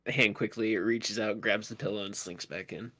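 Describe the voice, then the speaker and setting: A man narrating as game master in a casual tabletop game session, describing actions in a low-key, hushed way. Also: steady tone, normal speed, slight background noise.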